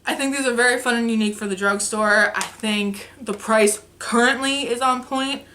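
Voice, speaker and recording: A woman's voice: fairly high pitch, normal speed, pushed and bright, a little hiss or hum. A young woman vlogger chatting casually and enthusiastically about makeup she bought, with lots of fillers. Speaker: beauty vlogger. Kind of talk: casual makeup haul chat.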